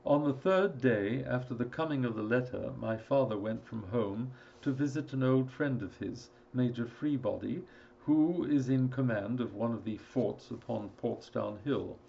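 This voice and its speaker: A man narrating a classic story in a steady, measured storytelling voice. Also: medium pitch, gravelly, lo-fi sound. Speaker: audiobook narrator. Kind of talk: scripted narration.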